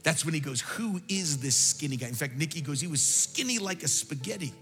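Male preacher, bright forceful voice, slightly high, fervent storytelling, long hall reverb, faint music. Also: lively intonation. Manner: building from brisk storytelling to fervent, emphatic preaching. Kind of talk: storytelling sermon.

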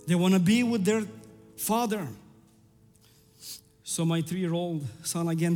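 A man's voice: high-pitched, expressive, moderate pace, long pauses, a little mellow, big-room sound, faint music behind. A man in his thirties preaching a sermon, telling a family story and building to fervent climaxes.

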